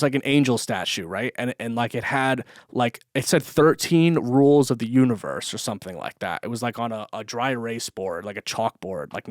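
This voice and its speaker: A man's voice: mid-range voice, dry recording, clean studio sound. A man telling a story in a loose, rambling podcast monologue, swearing often and full of fillers. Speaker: podcast host. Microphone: camera mic.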